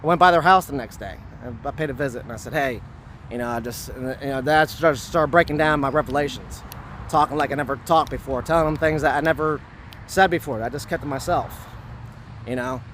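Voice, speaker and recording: A man telling a personal story to camera outdoors, rambling and earnest, filling every pause with "you know" and "like" and hurrying to finish. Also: medium pitch, a bit bright, a little hiss or hum. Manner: hurried, wanting to finish quickly. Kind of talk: casual spoken recollection.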